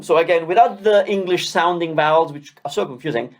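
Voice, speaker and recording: A language teacher giving a beginner lesson, drilling syllables slowly and encouraging learners. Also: mid-range voice.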